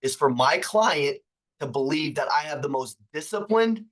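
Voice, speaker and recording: A man's voice: on the high side, lively intonation, moderate pace, a bit bright, low-quality recording. A man coaching salespeople on a live stream, emphatic and fired up, blunt and swearing for punch. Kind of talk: motivational live-stream talk.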